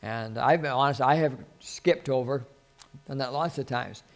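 A man preaching an informal sermon to a small group, earnest and rambling, with many restarts, dropping his voice softly whenever he quotes a prayer. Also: medium pitch, moderate pace, gravelly. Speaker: pastor.

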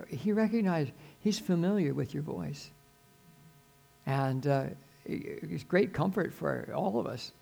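An older man preaching a sermon as pastor, earnest and pleading, his voice swelling suddenly loud and then dropping soft. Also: fairly high pitch, measured pace, creaky.

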